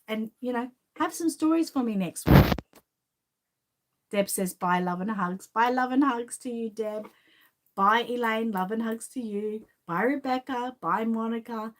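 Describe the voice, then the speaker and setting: Chatty Australian woman hosting a live stream. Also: medium pitch. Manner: chatty and rambling, reads out viewer comments. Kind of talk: casual live stream chat.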